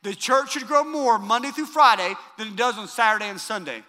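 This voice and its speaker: Male pastor, 30s, high bright tenor, sermon delivery, big reverberant auditorium. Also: lively intonation, fairly quick. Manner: emphatic, repeats key lines, swings from loud to soft.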